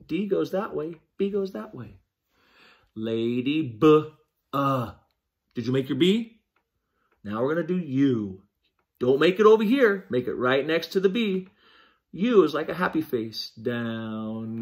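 A man leads a handwriting lesson for small children, speaking slowly and patiently. His voice sits a little high and swoops up and down in a lively, sing-song way as he talks them through each stroke. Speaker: teacher.

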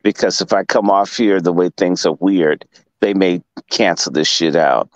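A man's voice: low voice, normal speed, no room sound, low-quality recording. A man from Washington, D.C., a guest commentator lecturing in emphatic, profane casual talk.

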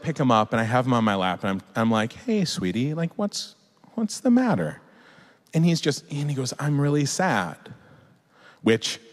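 Animated male storyteller in a big hall. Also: medium pitch. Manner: animated, swearing, acts out kids' voices. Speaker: author on stage. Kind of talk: storytelling to an audience. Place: large opera hall. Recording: echoey hall from the stage.

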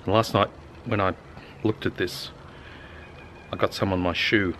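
Australian male vlogger, deadpan and rambling, low-pitched, faint background hiss. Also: a little slow. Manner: dry, rambling, deadpan humor. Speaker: vlogger, amateur astronomer. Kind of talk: casual vlog narration.

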